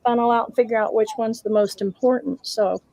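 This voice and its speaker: A woman's voice: a little high, fairly even intonation, fairly quick, vocal fry, mellow, no room sound. A woman hosting a casual craft livestream, reading out chat comments and laughing often between remarks.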